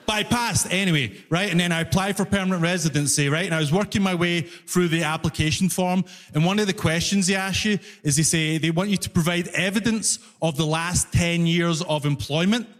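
Glasgow comic, high-pitched, animated self-mocking stand-up, reverberant stage sound. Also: male voice, brisk, few pauses. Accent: Scottish, Glasgow. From Scotland. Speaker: stand-up comedian. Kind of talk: stand-up comedy set. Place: comedy club stage with audience. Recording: live stage with long reverb.

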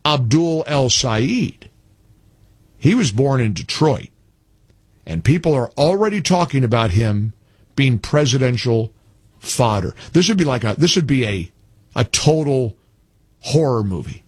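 With a husky, medium-pitched voice and a sing-song, unhurried delivery, this call-in radio host launches into an emphatic monologue. He repeats himself as he gets worked up building his point, recorded with no room sound.

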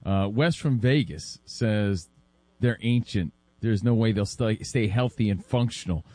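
A man's voice: on the low side, unhurried, dark tone. A man hosting a sports talk show, steering the segment and reading out listener comments. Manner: leads the segment, reads listener comments, playful.

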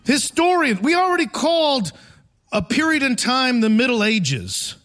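A man's voice: extremely high pitch, sing-song, measured pace, a bit bright. A man in his forties doing a live stand-up set in a theater, rambling and self-mocking, often laughing through his lines. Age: 40s. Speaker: stand-up comedian. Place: theater stage before a live audience.

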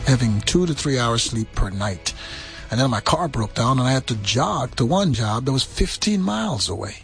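A pastor preaching a sermon with rising passion. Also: male voice, vocal fry, breathy edge, no echo. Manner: impassioned preaching, rising in pitch.

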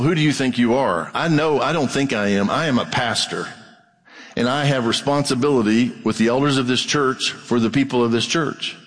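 A male pastor preaching a conversational sermon, his voice climbing higher when he reads scripture aloud. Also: big-room sound. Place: church sanctuary.

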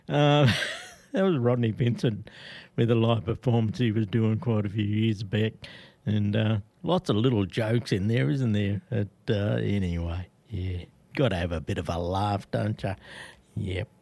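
A man's voice: fairly low pitch, fairly even intonation, a little slow, darkish tone, no room sound. A man presenting a radio program in a chatty, rambling way. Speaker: radio host.

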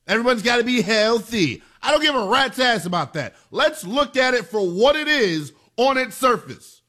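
A man hosting a sports talk radio show, delivering an emphatic, animated monologue. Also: extremely high pitch, normal speed.

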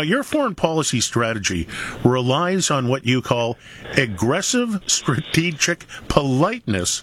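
A man's voice: a little high, a bit bright, a little hiss or hum. Canadian male radio host, playful, chuckling, asks long questions. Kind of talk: radio interview.

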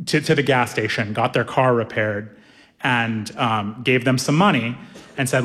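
A young man doing animated stand-up storytelling, acting out voices with sudden high-pitched outbursts. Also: measured pace, big-room sound. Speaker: stand-up comedian.

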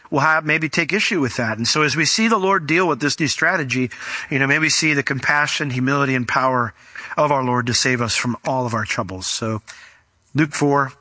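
A middle-aged man preaching an expository sermon, animated and acting out the shouts he quotes. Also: a little high, dry recording. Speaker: pastor.

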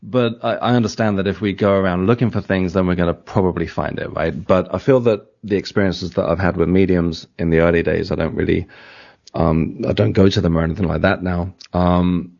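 A deep-voiced Englishman answers radio interview questions, reflective and halting, circling his thoughts with ums and restarts. His line sounds dull and lo-fi. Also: steady tone, gravelly, a little mellow. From England. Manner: reflective, halting, frequent fillers and self-corrections. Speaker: author and interview guest.

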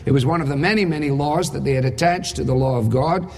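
A man preaching with a slightly raised pitch and a husky edge to his voice. He drives his points home with rhetorical questions and a dry wit, and his words ring out in a large hall with long reverb. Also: fast, darkish tone. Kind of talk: sermon.

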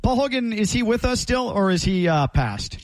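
A man co-hosting a casual talk show, playful and quick to laugh. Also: high voice, very animated, no room sound. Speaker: co-host. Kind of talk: casual banter.

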